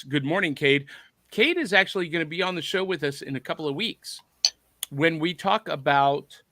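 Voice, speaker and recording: A man's voice: on the high side, sharp tone, no room sound, clean studio sound. A man hosting a podcast, reading out viewer comments in a playful, jokey, casual chat. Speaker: podcast host.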